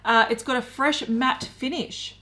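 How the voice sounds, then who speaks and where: A woman's voice: high voice, fairly even intonation, a little slow, bright, forceful tone. A woman co-hosting a beauty news show, running through product details in a casual, conversational way. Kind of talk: casual chat.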